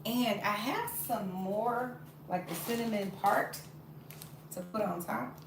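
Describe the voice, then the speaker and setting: A vlogger baking in her home kitchen chats expressively to her live-stream viewers in a gravelly, mid-range voice at a slow pace. The recording is noisy and very echoey, with her off-mic and distant.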